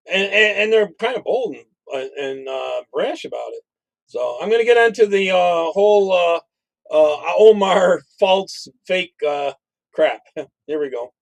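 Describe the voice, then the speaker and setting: A man co-hosting in a casual chat, talking loosely with laughing asides. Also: high-pitched.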